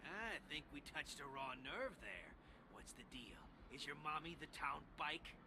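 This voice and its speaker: A man's voice: on the high side, very animated, measured pace, noisy background. An actor playing a mocking male henchman in a video game who needles his partner. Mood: taunting. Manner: taunting, needling.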